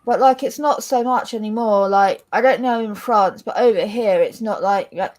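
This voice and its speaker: A woman with an English accent chatting casually as a co-host, blunt and animated, swearing freely. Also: medium pitch, moderate pace. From England. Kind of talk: casual chat.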